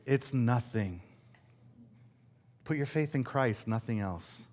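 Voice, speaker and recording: A man's voice: medium pitch, animated, slow, a little mellow. A middle-aged man from West Michigan preaching a sermon in a conversational, self-deprecating way, asking the congregation rhetorical questions. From West Michigan, USA. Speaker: pastor.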